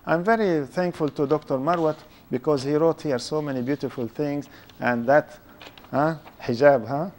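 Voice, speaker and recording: A man's voice: fairly high pitch, steady tone, moderate pace, darkish tone. An older man with a foreign accent giving an interactive religious lecture, quizzing his young audience and tagging points with "huh?". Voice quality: speaks English with a foreign accent. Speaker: Islamic lecturer.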